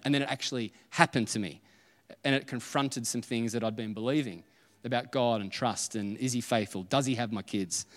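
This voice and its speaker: A man's voice: medium pitch, steady tone, a little fast. A man, preaching a conversational sermon and acting out little dialogues as he tells stories. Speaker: pastor. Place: church auditorium. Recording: long hall reverb.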